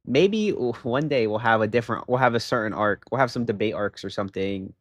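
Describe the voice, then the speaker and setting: A young male streamer talks into a desk mic in emphatic, rambling casual chat, with plenty of "bro" and "okay?". His pitch sits in the middle range for a man. The sound is dry and close, with no room echo at all. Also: brisk. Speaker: livestreamer.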